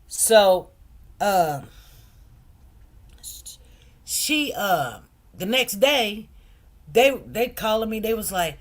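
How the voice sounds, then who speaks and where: A woman talks slowly to her viewers, lingering on her words and repeating lines for emphasis. She speaks in in a casual storytelling style. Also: medium pitch, animated. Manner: emphatic, repeats phrases, addresses viewers as "you guys". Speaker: commentary channel host.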